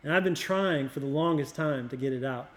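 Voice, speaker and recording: A middle-aged youth pastor from Oregon, with a fairly high voice, tells family stories in casual conversation. He is reflective and a little halting, often repeating words.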